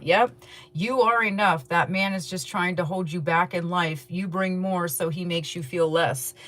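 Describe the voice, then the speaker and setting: A woman gives a casual tarot reading straight to her viewers. Her voice sits a little low, and she rambles through her points. She yawns and apologizes now and then. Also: normal speed, fairly bright tone. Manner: chatty, rambling, yawning often. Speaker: tarot reader.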